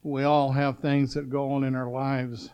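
A man preaching a sermon, swinging between loud urgent calls and hushed storytelling, asking the congregation if they are listening. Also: medium pitch, flat delivery, unhurried, clear, resonant tone.

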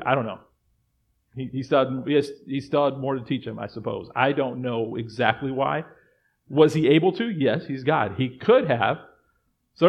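A man preaching a sermon as pastor, moving between quiet reflective passages and loud acted-out voices of doubters. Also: mid-range voice, moderate pace, husky, highs cut off.

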